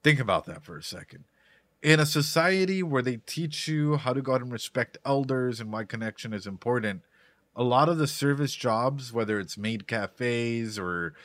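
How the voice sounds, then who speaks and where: A man's voice: medium pitch, fairly bright tone, no room sound. Casual rambling male streamer. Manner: rambling, repeats words, talks to chat. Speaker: streamer reacting to anime. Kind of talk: casual live-stream commentary.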